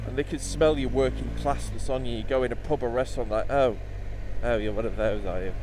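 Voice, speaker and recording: A man's voice: medium pitch, noisy background. A man vlogging about a motorcycle trip, rambling, sardonic and full of swearing. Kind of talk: casual chat to camera.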